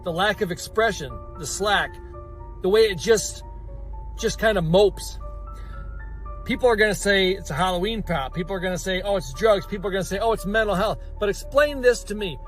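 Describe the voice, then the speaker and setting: A man's voice: sits high, moderate pace, fairly bright tone, faint music behind. A man doing conspiracy commentary, insistent and challenging the listener.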